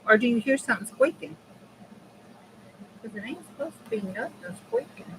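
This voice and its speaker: A woman's voice: a little high, animated, normal speed, a little hiss or hum, low-quality recording. Chatty middle-aged woman crafting. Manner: chatty, folksy, talks straight to viewers. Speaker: craft channel host. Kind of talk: casual chat while crafting on a livestream.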